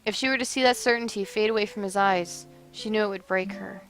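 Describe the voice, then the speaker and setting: A woman reading a romance story aloud as narrator, expressive and measured. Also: mid-range voice, faint music behind.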